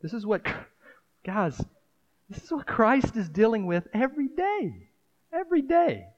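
A man's voice: high voice, huge pitch swings, measured pace, lo-fi sound. A man preaching a sermon in a conversational style, breaking into dramatic acted asides. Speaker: pastor.

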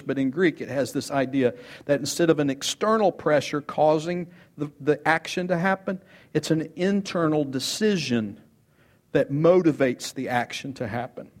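Man, preacher, fairly high voice, emphatic, repeats words for stress. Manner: emphatic, rises in pitch for quoted lines, repeats words. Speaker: pastor. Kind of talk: expository sermon.

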